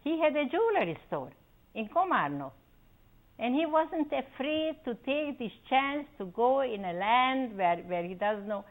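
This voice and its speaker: A woman's voice: sits high, unhurried, poor audio. An older woman from Czechoslovakia telling her family's story in an oral history interview, acting out what people said. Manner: animated storytelling, acting out quoted voices.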